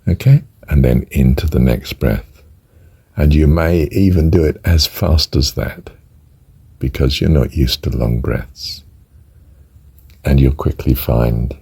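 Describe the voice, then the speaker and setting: Older male breathwork teacher, very deep and raspy, dry close recording, softly whispered counting. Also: dry recording. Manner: soft-spoken, drifts into whispered counting. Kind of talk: spoken meditation instruction.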